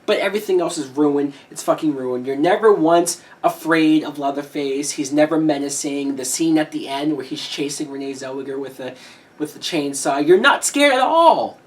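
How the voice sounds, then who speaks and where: Low-voiced woman ranting, slightly distant mic. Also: lively intonation, moderate pace. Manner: profane, heated ranting with sudden shouted peaks. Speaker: movie reviewer. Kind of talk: ranting film review.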